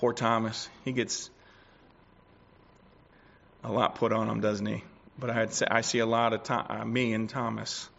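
A man preaching a sermon, swinging between loud declarations and quiet asides. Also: fairly low pitch, level tone, measured pace, creaky, pauses often. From United States. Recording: dull lo-fi recording.

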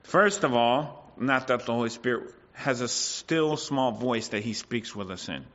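Preacher guy giving a sermon, sharp bright voice, keeps asking the crowd right?, kinda muffled lo-fi recording. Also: mid-range voice, expressive, a little slow. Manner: asks the congregation for agreement, acts out quoted voices.

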